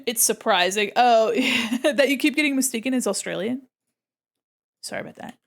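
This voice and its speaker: A woman's voice: on the high side, moderate pace, gravelly. Chatty American woman streamer. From United States. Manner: chatty, self-deprecating, answers chat with frequent laughs. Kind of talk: casual livestream chat while drawing.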